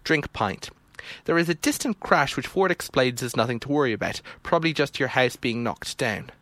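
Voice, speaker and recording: A man's voice: medium pitch, animated, normal speed, a bit bright, no echo. Man reading game text, dry sound. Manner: reads text adventure prose aloud, muttering typed commands between musings. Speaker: video game player. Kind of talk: let's play commentary, reading game text aloud.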